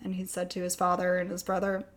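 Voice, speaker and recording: A woman guest on a podcast, telling a personal story with lively quoted dialogue that turns soft and quiet on the hard parts. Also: lowish voice, quick pace. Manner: animated, acts out quoted dialogue.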